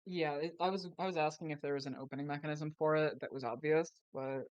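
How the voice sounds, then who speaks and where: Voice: mid-range voice, steady tone, fast talker, clear, resonant tone, no room sound, dull audio. A player in a tabletop game, giving brief, casual replies.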